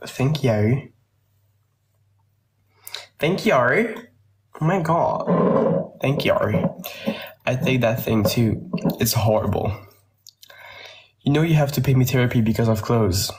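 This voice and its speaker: A man's voice: medium pitch, measured pace, long pauses, a little mellow. Young flemish guy on a phone live, rambling and cursing, answering chat questions, bit of hiss behind him. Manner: chatty, rambling, cursing, with frequent laughs. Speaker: livestreamer answering viewer questions. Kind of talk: casual livestream chat.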